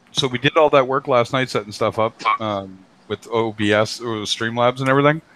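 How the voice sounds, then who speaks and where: A man's voice: lowish voice, a bit bright. A man hosting a live stream who chats casually, jokes and swears freely on a home computer mic. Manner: loose, jokey, swears freely. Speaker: stream host. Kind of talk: casual chat.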